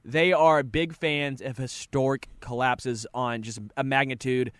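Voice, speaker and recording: A man co-hosting sports talk radio from a studio, with a middle-pitched voice. He jokes and teases his partner between quick opinions. The sound is dry and close on the studio mic. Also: fairly even intonation, clean tone, dry recording. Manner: joking, teasing, quick opinions.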